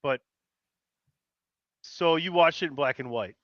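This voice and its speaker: Bright-voiced teasing podcast co-host. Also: male voice, a little high, unhurried, no room sound, lo-fi sound. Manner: playful, teasing. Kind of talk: casual pop-culture chat.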